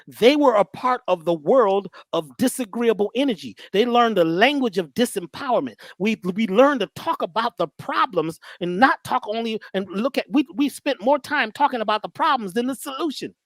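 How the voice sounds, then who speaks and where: A woman's voice: a little high, animated, normal speed, few pauses, dry recording, clean studio sound. A woman giving a preachy motivational talk as a guest, full of rhetorical questions, repeated phrases and slang. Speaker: guest teacher on mindset and healing.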